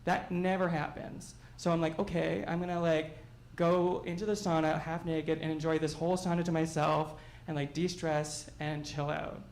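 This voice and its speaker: A man doing a stand-up set, telling stories in an animated, self-mocking way at a small live venue. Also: on the high side, moderate pace, reverberant, rough recording. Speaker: stand-up comedian.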